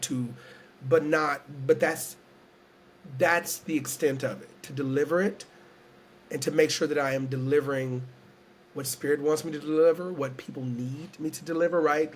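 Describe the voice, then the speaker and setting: A man's voice: fairly high pitch, a little hiss or hum. Interviewgast, man uit Houston, Texas, oprecht en emotioneel, iets hogere stem, zachte achtergrondruis. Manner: earnest, searching, repeats phrases, emotional. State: close to tears. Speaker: guest storyteller and entertainer. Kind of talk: reflective conversational interview.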